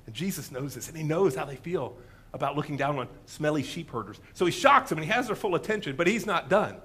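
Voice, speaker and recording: Lively, high-pitched man preaching. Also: quick pace, breathy edge. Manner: animated storytelling, acts out quoted speakers, asks the room questions. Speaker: pastor. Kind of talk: sermon. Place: church sanctuary.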